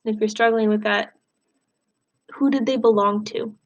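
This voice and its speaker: A woman's voice: mid-range voice, fairly even intonation, normal speed, lo-fi sound. A woman teacher reading a novel aloud and guiding students through questions. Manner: clear, guiding.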